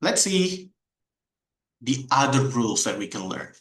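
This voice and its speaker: A man with an Indonesian accent teaching a pronunciation warm-up online, saying each model phrase slowly and repeating it. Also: medium pitch, very animated, echoey room. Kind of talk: online micro-teaching lesson.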